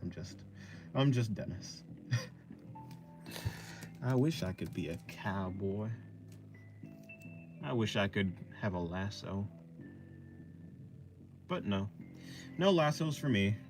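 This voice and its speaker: A young man streaming his drawing, chatting casually with his viewers in a rambling, hesitant way full of fillers and soft laughs. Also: lowish voice, expressive, slow pace, long pauses, music in the background. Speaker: art streamer. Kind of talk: casual chat answering a live chat.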